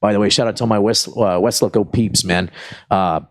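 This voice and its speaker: A man's voice: fairly low pitch, a little fast. A man, a guest comedian telling rambling, profane stories in a casual chat. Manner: profane, rambling, animated retelling. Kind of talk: casual storytelling.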